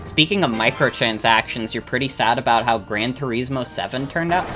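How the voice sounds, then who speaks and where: Bright, rambling young game streamer. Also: medium pitch, a little fast, few pauses, faint music behind. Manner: rambling, filler-heavy, swears freely. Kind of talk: casual chat while gaming, reading chat.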